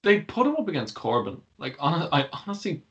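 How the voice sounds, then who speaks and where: Rambling man, bright dull audio. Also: a little high, big pitch swings, brisk, a little hiss or hum. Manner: rambling, filler-heavy, laughs easily. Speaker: podcast co-host. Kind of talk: casual wrestling chat.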